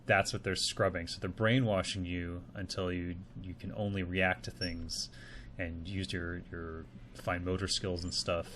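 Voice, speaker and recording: A man's voice: low voice, little pitch movement, a little slow, background noise. A man giving casual, tentative commentary while analysing a video. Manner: musing, tentative.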